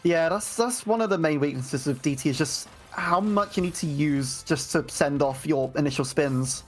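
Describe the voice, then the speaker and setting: A woman co-commentating a live game tournament, giving relaxed analysis with frequent ums and restarts. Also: deep voice, moderate pace, soft background music. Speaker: esports co-commentator.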